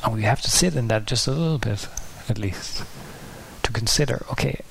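A man's voice: mid-range voice, fairly quick, vocal fry, a bit bright, slight background noise, low-quality recording. A man preaching a sermon in an earnest, searching way, sometimes losing his place and restarting.

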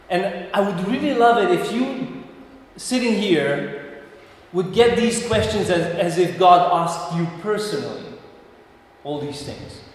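A man preaching a sermon, telling a story slowly and deliberately, rising to emphatic swells. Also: sits high. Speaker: pastor. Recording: echoey hall, voice from a distance.

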